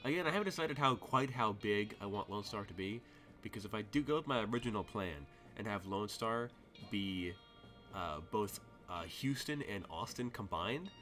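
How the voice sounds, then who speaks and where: Low-voiced, laughing game master. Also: male voice, expressive, normal speed, fairly bright tone, soft background music. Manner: rambling, laughs often, thinks aloud with many fillers. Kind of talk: narrating a tabletop game.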